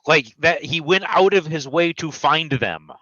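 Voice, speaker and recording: Bright, dry-voiced guy chiming in. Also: fairly high pitch, unhurried, no room sound. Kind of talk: casual chat. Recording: dry lo-fi audio.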